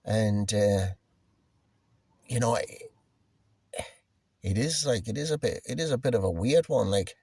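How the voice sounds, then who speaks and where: A man's voice: lowish voice, expressive, unhurried, pauses often, a little mellow, breathy edge, no room sound. A man casually telling a personal story, rambling and swearing, with lots of restarts and fillers. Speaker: musician telling a personal anecdote.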